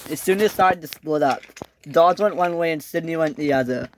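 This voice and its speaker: A young man, likely a boy, narrating an improvised toy train story, excitable, with frequent restarts and loud screams for the characters. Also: a little high, normal speed, slight background noise.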